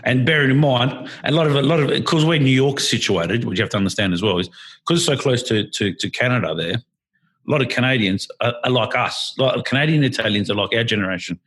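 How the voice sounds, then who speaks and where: An Australian man co-hosting a podcast, chatting casually and telling rambling, animated stories. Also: mid-range voice, quick pace, husky. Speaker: podcast co-host. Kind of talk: casual chat.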